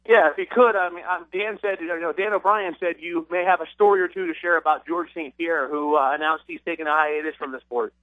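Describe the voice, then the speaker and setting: A man's voice: a little high, fairly even intonation, fairly quick, hardly any pauses, dry recording. A man hosting a radio show, interviewing a guest in a casual way with some hesitations. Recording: tinny phone-band radio audio.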